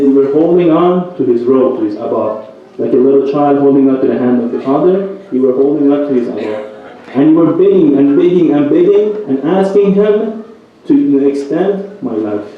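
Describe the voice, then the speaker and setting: A man delivers a sermon in a storytelling manner, often tossing in a "right?" to his listeners. His voice sits a bit back from the mic and rings through a strongly echoing hall. The sound is dull and muffled, with a faint hiss underneath. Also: medium pitch. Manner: storytelling, keeps asking "right?". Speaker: religious speaker. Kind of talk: night sermon with a told story. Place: religious center hall. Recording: roomy echo, distant mic, dull sound.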